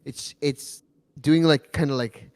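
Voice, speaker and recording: A man's voice: on the high side, takes it slowly, dry recording. A man co-hosting a podcast, chatting casually and swearing freely. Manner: animated, swearing, mimics voices in quotes. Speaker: podcast co-host. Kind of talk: casual chat.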